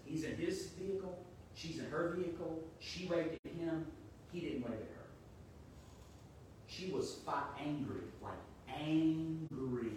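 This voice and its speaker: A man's voice: fairly high pitch, unhurried, heavy reverb, far from the mic, a little hiss or hum, poor audio. A man preaching a sermon in a conversational, storytelling way. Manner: conversational, storytelling, animated when quoting. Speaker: pastor.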